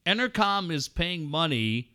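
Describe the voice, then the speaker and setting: High, animated man ranting on sports radio. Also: a little slow, clean tone. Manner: loud, blunt and swearing, with mocking asides. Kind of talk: profane sports talk radio rant. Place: radio studio.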